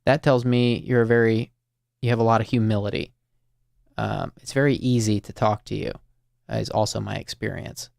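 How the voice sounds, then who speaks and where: Deep-ish gravelly guy hosting a call-in show, slow and thoughtful, lots of ums, dry close sound. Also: steady tone, a little mellow, no room sound. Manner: slow, thoughtful, with many fillers and restarts. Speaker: host of a listening call-in show. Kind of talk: reflective, gentle conversation with a caller.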